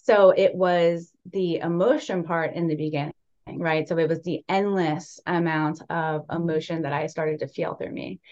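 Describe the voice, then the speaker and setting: Candid young woman guest, low voice. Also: moderate pace, highs cut off. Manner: candid, animated, many fillers like "like" and "right". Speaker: podcast guest. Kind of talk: casual conversational storytelling.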